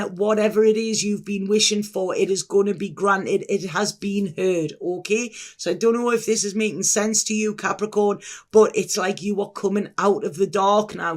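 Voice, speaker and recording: Brief: male tarot reader, high voice, effusive and meandering, keeps restarting his sentences. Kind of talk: solo tarot reading to camera.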